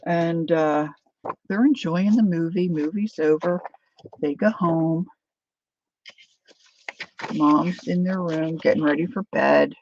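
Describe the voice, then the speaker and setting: A middle-aged woman with a gravelly voice, telling a family story in a chatty, animated way while she crafts. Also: low-pitched, slow, long pauses, dull audio, slight background noise. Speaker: craft vlogger.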